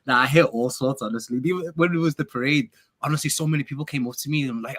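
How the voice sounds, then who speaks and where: A man's voice: fairly high pitch, brisk, a bit bright. A man, a guest panelist on a casual football chat, laughing and self-deprecating.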